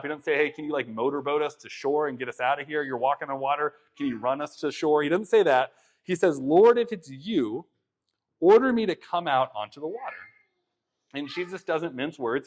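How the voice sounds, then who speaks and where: A young man preaching a conversational sermon, retelling a story in a casual, animated way with many fillers. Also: medium pitch. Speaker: pastor.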